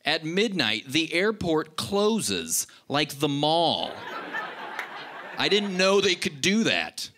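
A man doing a stand-up comedy set, telling stories with animated delivery and high shouted voices for the people he quotes. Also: slow pace, a little hiss or hum.

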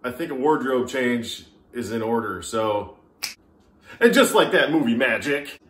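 Lively, chatty man in an echoey room. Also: medium pitch, a little slow, slight background noise. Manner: chatty, self-mocking, talks to himself while pouring. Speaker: vlogger. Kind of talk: casual drinking vlog. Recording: echoey room with music behind. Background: Irish music playing.

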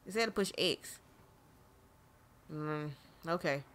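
A woman's voice: low-pitched, slow, a bit bright. A woman hosting a gaming channel, commenting on a horror game as she plays, jumpy and exclaiming, talking straight to her viewers into a desk mic. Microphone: desk microphone.

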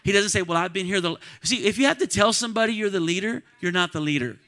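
A man preaching in a church with a high voice. He calls out to the congregation and swings from quiet, close talk to ringing shouts. His tone is bright and cutting. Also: lively intonation, quick pace. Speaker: pastor. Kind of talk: sermon. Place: church sanctuary.

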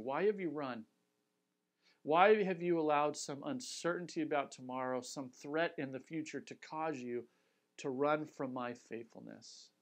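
Pastor putting on god, soft and slow, gentle questioning, quiet. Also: male voice, medium pitch, close to an everyday voice.

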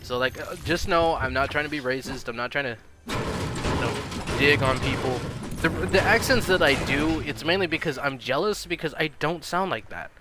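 A man talking casually while livestreaming a game, who stutters and restarts often and squeals when excited. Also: a little high, moderate pace, heavy background noise. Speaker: gaming streamer. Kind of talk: casual live game commentary. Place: home gaming setup.

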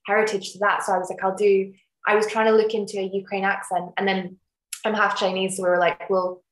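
A woman's voice: medium pitch, little pitch movement, brisk. A young woman actress chatting casually in an interview, rambling with restarts and fillers over a video call. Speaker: actress interviewed about her series. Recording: echoey room.

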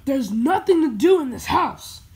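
Whiny bratty kid prince, woman voicing him, high voice, keeps pestering, kinda slow. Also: sing-song, mellow. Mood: bored.

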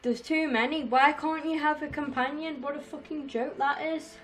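A gaming streamer in her twenties does let's-play commentary, frustrated and swearing constantly as she talks to her viewers. Her voice is high-pitched and steady, at a moderate pace, over a noisy background.

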